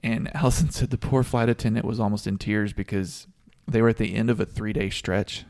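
Gravelly low-voiced man telling a story. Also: fairly even intonation, a little fast, darkish tone. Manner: storytelling, laughs often. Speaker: podcast co-host. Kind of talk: casual sports chat.

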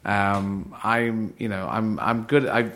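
A man born in Yemen, a comedian, chatting casually in a rambling, lively way with many restarts, often acting out other people in raised voices. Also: on the low side, slow. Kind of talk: casual chat.

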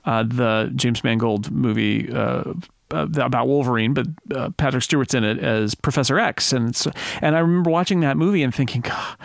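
A man hosting a casual panel podcast, chatty and quick to laugh, often correcting himself mid-sentence. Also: mid-range voice, gravelly, no room sound, clean studio sound. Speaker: podcast host.

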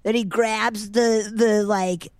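A woman's voice: slow pace, no room sound. A woman co-hosting a casual podcast chat, retelling a movie and acting out the characters in exaggerated voices. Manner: animated, acts out characters in high exaggerated voices. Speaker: podcast co-host.

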